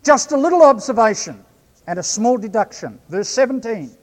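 A man with a New Zealand accent preaching a sermon, measured, slowing right down to stress key phrases. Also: extremely high pitch, big pitch swings, long reverb tail. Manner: measured, slows right down for emphasis.

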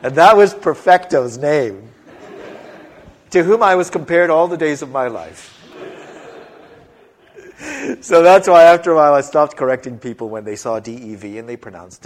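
A man in his fifties preaching a sermon as an animated storyteller, wandering into tangents and joking at his own expense. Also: a little high, normal speed. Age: 50s. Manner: animated storyteller, rambling, self-mocking humor.

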